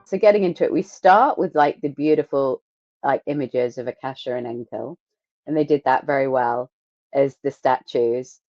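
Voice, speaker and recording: A woman co-hosting a podcast, telling stories in an animated, sarcastic, sweary way. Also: extremely low pitch, normal speed, no echo, faint music behind. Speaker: podcast co-host. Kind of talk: casual podcast chat. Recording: dry, dull lo-fi mic.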